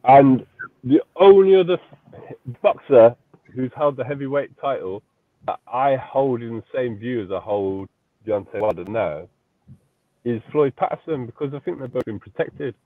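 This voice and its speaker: A man calling into a live chat, making a measured, deliberate argument. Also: mid-range voice, expressive, no echo. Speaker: guest caller. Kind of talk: casual debate. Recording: tinny phone-like line.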